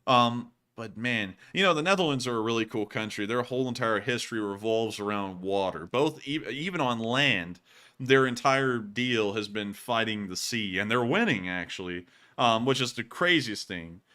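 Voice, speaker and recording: A man's voice: mid-range voice, animated, moderate pace, bright, forceful tone. A man hosting a livestream, talking in a chatty, rambling way with joking asides. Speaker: livestream host. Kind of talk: casual live commentary.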